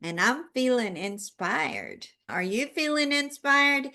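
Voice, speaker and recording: A woman leading a guided tapping session, giving calm instructions and repeating affirmations with soft music behind her. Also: sits high. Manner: slow, directive coaching with spoken affirmations.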